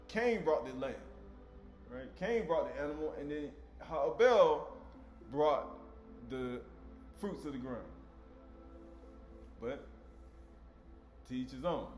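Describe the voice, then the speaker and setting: A man giving a casual, conversational sermon, often checking in with "right?" and acting out dialogue in slangy voices. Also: a little high. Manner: conversational, tag questions like "right?". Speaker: preacher. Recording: echoey room with faint music.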